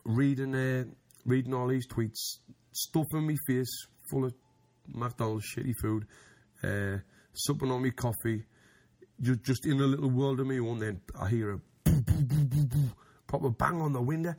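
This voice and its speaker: A man's voice: medium pitch, normal speed, darkish tone. Man, casual raconteur, rambling with restarts. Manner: rambling, frequent restarts, laughs while telling. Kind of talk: casual storytelling.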